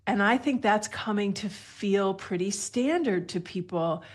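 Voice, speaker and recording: Woman guest expert, explanatory and friendly, mid pitch, laughs as she talks. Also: lively intonation, a little slow. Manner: explanatory, laughs lightly while talking. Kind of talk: explanatory radio talk.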